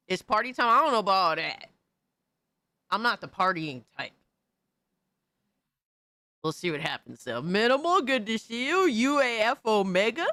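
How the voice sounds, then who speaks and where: A woman hosting a live stream, hyped and profane, rattling off shout-outs to chat in casual banter. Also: mid-range voice, no echo.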